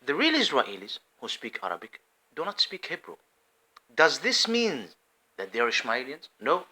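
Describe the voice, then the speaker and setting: A man giving an impassioned religious monologue, swinging between loud emphatic outbursts and hushed asides. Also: on the high side, huge pitch swings, normal speed. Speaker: religious commentator.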